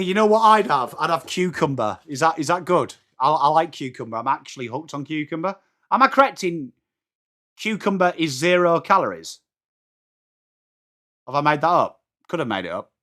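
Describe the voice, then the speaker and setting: A middle-aged Englishman with an English accent calls the football live on his watchalong stream, chatting to viewers by name and reading their messages. His voice is a little high, pushed and bright, with lively intonation at a normal speed.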